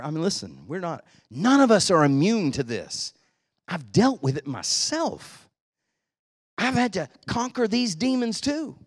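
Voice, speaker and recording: A male pastor preaching a sermon in a fairly high voice. He is emphatic, dropping quiet and then rising loud. The sound is dry and close. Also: dry recording. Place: church.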